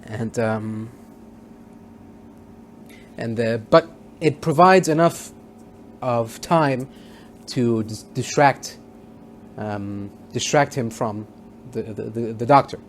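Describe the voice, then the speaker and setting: A man's voice: medium pitch, takes it slowly, long pauses, slight background noise. A man casually recapping a TV episode as a reviewer, rambling with many fillers and restarts. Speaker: TV show reviewer.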